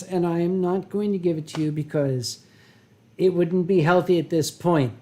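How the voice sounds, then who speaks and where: A man in his fifties holds forth on his live stream, wine at hand, drawling slowly and in no hurry at all. He rambles and swears freely, pausing for effect, then swings from booming outbursts to hushed asides. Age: 50s. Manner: slow, rambling and profane with dramatic pauses. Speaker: live-stream host answering chat. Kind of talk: casual live-stream chat while drinking wine.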